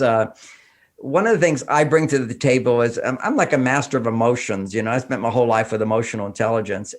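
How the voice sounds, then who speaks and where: Animated man from Texas, podcast guest. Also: medium pitch. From Houston, Texas. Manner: animated, acts out dialogues. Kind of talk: conversational interview.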